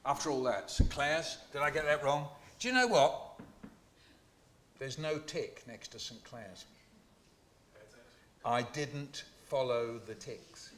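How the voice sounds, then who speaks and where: A man's voice: medium pitch, slow, long pauses, a little hiss or hum. A man hosting a school poetry launch, playful and jokey, quizzing the children and performing for them in a hall. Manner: playful, jokey, animated, asks the children questions. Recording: echoey hall.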